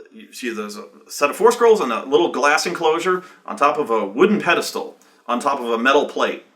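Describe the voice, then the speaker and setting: A man's voice: mid-range voice, a bit bright. A man who ran a tabletop game telling a story from it in a casual, profane, rambling way, with many false starts.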